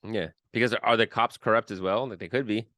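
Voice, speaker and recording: A man's voice: fairly low pitch, fairly even intonation, a little fast, fairly bright tone. A man hosting a podcast in casual chat, teasing and quizzing his co-host with amused questions.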